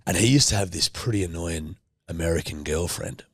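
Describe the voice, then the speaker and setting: A man's voice: low-pitched, a little fast, breathy edge, no room sound. A man, co-hosting a podcast and telling a rowdy story, swearing heavily. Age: 30s. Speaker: podcast co-host. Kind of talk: casual chat.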